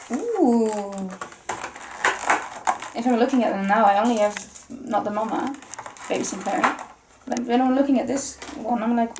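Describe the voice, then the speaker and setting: A woman's voice: fairly high pitch, background noise. A woman hosting a vlog, chatting casually and giggling often while unboxing collectible toys. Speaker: vlog host.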